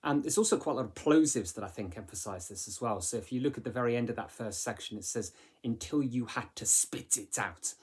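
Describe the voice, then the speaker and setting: A man's voice: mid-range voice, quick pace, few pauses, a little mellow, husky. A man teaching a literature lesson in a chatty way, with many fillers and rhetorical questions. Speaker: English teacher.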